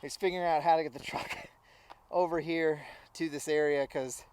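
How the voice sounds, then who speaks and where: A man's voice: on the high side, steady tone, normal speed, darkish tone, slight background noise. A man explaining farm fencing in a casual how-to vlog, rambling with lots of ums and uhs, outdoors on a farm. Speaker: farmer vlogger. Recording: music playing underneath. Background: music.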